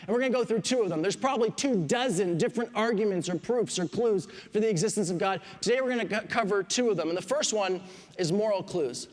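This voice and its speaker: A man's voice: high voice, fast talker, in a large hall. A pastor in his thirties from Quebec, preaching a sermon with joking asides. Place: church.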